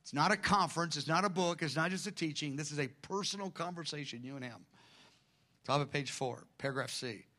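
A man delivers a sermon with a high, bright voice. He talks in a loose, conversational way and slips into lively retellings of what others said. The tone stays ringing and forward. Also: a little fast. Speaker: preacher.

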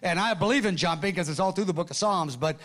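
A man's voice: sits high, fast talker, a bit bright. A man preaching a sermon-style teaching session, telling a story animatedly, acting out what others said and often restarting his sentences. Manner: frequent restarts and stammered repeats. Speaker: pastor.

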